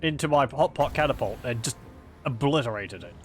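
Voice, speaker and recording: A man's voice: mid-range voice, expressive, a little fast, soft background music. A man giving casual, wry let's-play commentary on a strategy game, chatting and laughing along.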